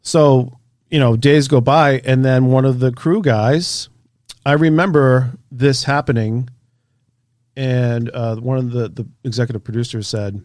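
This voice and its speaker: A man, an author and researcher, telling a story in a casual interview, animated and casually swearing. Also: medium pitch, measured pace, no room sound, studio quality.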